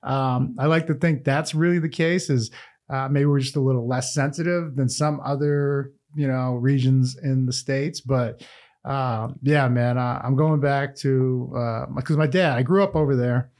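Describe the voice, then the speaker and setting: A man in his forties from Massachusetts, a former football player, telling stories in a relaxed podcast chat, laughing often and swearing casually. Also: medium pitch, moderate pace.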